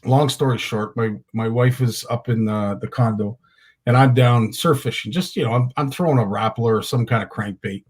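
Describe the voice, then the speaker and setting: A man's voice: medium pitch, moderate pace. A middle-aged man, hosting a fishing talk show and telling rambling anecdotes with lots of restarts. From Canada. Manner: rambling storyteller with many restarts. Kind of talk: casual chat, telling anecdotes.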